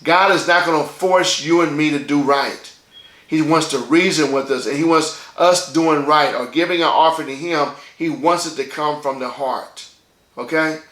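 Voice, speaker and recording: A man's voice: on the high side, normal speed, fairly bright tone, echoey room. A man delivering a sermon as pastor, in a conversational style, checking in with his listeners by asking "okay?" again and again.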